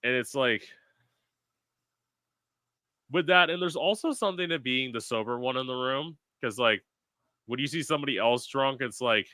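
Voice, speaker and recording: Bright-sounding guy hosting a podcast, swears a lot, dry close mic. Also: medium pitch, normal speed, long pauses, dry recording. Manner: animated storyteller, swears freely. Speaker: podcast host. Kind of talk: casual chat.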